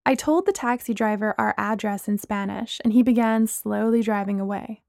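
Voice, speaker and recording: A woman's voice: medium pitch, moderate pace, creaky, darkish tone, no room sound, clean studio sound. A woman in her twenties narrating a first-person audiobook story expressively.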